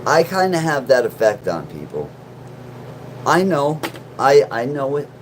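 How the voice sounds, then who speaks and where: A man's voice: mid-range voice, wildly swooping pitch, unhurried, a little hiss or hum, low-quality recording. A man hosting a casual livestream from his mom's basement, joking and swearing as he chats with viewers. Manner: profane, joking, self-mocking. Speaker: livestream host.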